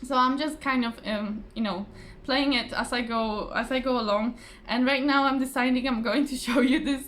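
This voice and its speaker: A chatty woman with a somewhat high voice talks casually to camera in a relaxed, rambling way, full of fillers and little restarts. Her voice sounds a little tired, and a faint hiss sits under the recording. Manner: laughs often. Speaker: craft vlogger. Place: home, at a table. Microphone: phone or camera on the table.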